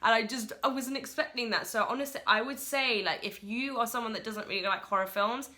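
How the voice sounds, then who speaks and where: A woman's voice: fairly high pitch, fairly quick, pushed and bright. A woman chatting casually as she reviews a film, giggly and full of "like" and "honestly".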